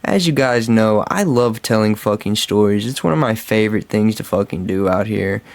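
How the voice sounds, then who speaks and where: A man's voice: fairly low pitch, moderate pace. A man telling a casual storytime vlog story, rambling and swearing freely and calling his viewers guys and bro. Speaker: storytime vlogger.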